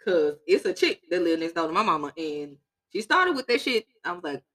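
A woman's voice: lowish voice, big pitch swings, brisk, a bit bright. A woman in casual chat, telling blunt, profane stories about her neighborhood.

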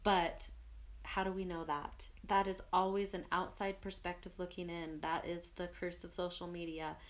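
Podcast co-host: young woman, lower-pitched, earnest and reflective, casual chat. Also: little pitch movement, moderate pace. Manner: earnest, reflective, speaks of spirit and purpose.

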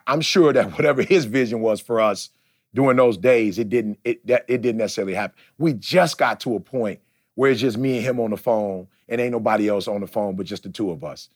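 A man's voice: mid-range voice, expressive, a little fast. A man in his forties hosting a podcast, talking in an emphatic, preachy way and often asking "see?". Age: 40s. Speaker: podcast host. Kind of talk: casual podcast talk.

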